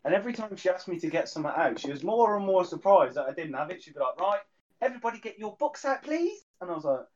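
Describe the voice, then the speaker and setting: A man's voice: a little high, rapid-fire, few pauses, darkish tone, slight background noise. A young man telling school stories in casual chat, acting out the voices he quotes and swearing freely. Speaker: guest, childhood friend. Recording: dull lo-fi sound.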